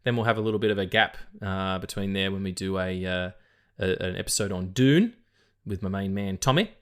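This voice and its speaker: A man's voice: deep voice, a little fast, clear, resonant tone. A man with an Australian accent hosting a podcast, rambling and swearing freely as he chats. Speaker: podcast host. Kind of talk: casual chat.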